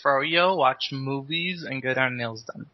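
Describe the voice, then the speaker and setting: A man's voice: medium pitch, slow, a little hiss or hum. A man co-hosting a casual podcast, chatty and teasing, laughing often. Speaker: podcast co-host. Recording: dull lo-fi recording.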